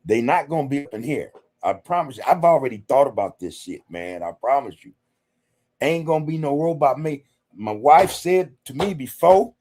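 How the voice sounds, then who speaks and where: On his podcast, a man fields chat comments with casual emphasis, conversationally repeating "man" and "you know." A streaming setup microphone captures his mellow, sing-song voice at medium pitch and normal speed.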